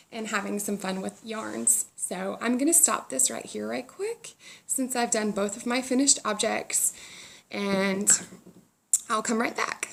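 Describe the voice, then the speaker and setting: A woman's voice: fairly high pitch, creaky, a bit bright. A woman hosting a knitting podcast, chatting casually and rambling a little, self-deprecating as she talks, sitting outdoors. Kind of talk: casual chat.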